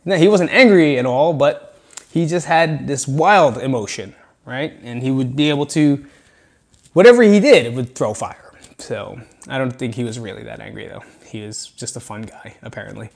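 A man hosting a solo podcast, speaking frankly and with lots of swearing, rambling between low mutters and loud venting. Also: normal speed, creaky. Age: adult with children. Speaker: podcast host. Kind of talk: solo podcast monologue on anger.

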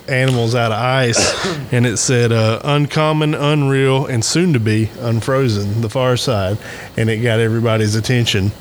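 A man shares news in a casual podcast chat, hesitating with frequent ums and uhs. His pitch is ordinary and mid-range. A faint hiss sits behind him. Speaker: podcast co-host.

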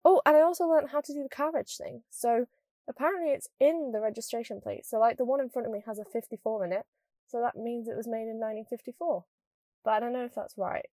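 Podcast host: young northern English woman, mild accent, quick rambling chat, very dry close sound. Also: on the high side, fairly even intonation, mellow, dry recording. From northern England. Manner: fast rambling, lots of "like". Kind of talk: casual chatty monologue.

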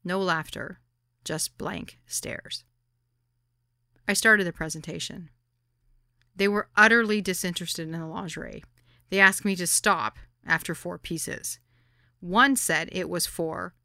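A woman's voice: on the low side, unhurried, gravelly, dry recording, studio quality. Wry woman reading a memoir. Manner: wry, deadpan storytelling. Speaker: narrator.

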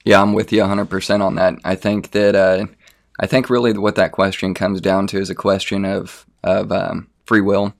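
A man with a somewhat low voice lays out a theological argument in plain, conversational talk. He speaks earnestly, pausing on fillers and restarting phrases as he reasons aloud. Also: flat delivery, vocal fry. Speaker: theology debater.

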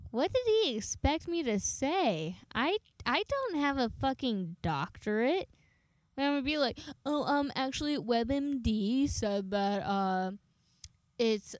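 A woman's voice: on the high side, clear, resonant tone, no echo, clean studio sound. A young woman casually telling a story, swearing often and acting out the people she talks to. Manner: chatty, swears a lot, dramatic retelling of dialogue.

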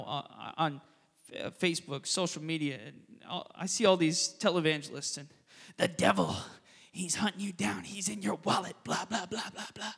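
A man preaching a sermon as pastor, telling the story with sudden loud emphasis and quiet, quick asides. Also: fairly high pitch, gravelly, slightly rough, long reverb tail. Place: church sanctuary.

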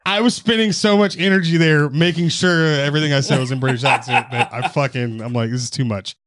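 A man's voice: a little high, steady tone, quick pace, a bit bright. A man co-hosting a podcast, telling a news story casually with rambling, profane asides. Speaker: podcast co-host.

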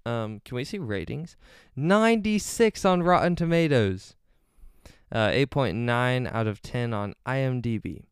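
With a medium-pitched, expressive voice that's clear and resonant, a young man talks at a measured pace on his own podcast. The studio-quality audio has no echo. He rambles casually, wanders into side stories easily, and fills gaps with plenty of ums.

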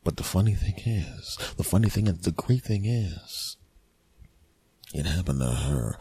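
A man with a fairly low voice hosts a solo comedy podcast, ranting through a story with animated, mock-outraged energy. He slips into quick put-on voices along the way. The sound is dry and close, with no room around him. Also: husky, no echo. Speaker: podcast host.

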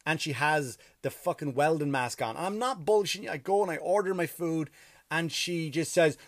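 A man's voice: fairly high pitch, moderate pace, no room sound, clean studio sound. A tired man, a comedian, telling a story in a casual, profane, ranting monologue.

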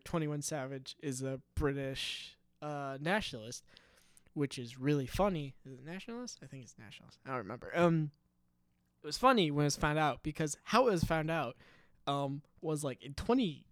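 Rambling man on a dry, clear mic. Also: fairly high pitch, no room sound. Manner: meandering, self-interrupting, giggly. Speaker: podcast host. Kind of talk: rambling solo podcast. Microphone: studio microphone.

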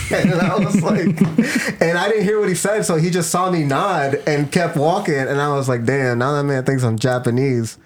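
A man's voice: a little high, normal speed. A man co-hosting a podcast, telling stories in casual chat and laughing as he goes. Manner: laid-back, laughs often while telling stories. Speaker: podcast co-host.

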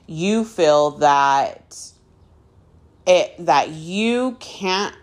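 A woman in her thirties hosts a personal podcast, recounting her own story with open candor. Her voice sits low and her delivery is slow and unhurried, broken by frequent ums and restarts. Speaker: podcast host.

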